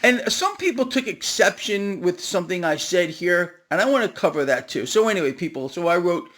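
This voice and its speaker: A man hosting a market commentary video, talking straight to his viewers in a casual, animated and sarcastic way. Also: sits high, normal speed.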